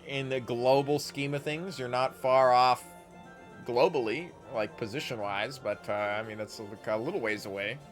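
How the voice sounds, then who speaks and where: A man's voice: mid-range voice, moderate pace, soft background music. A man streaming a game, reading its text aloud and rambling casually with his chat, correcting himself as he goes.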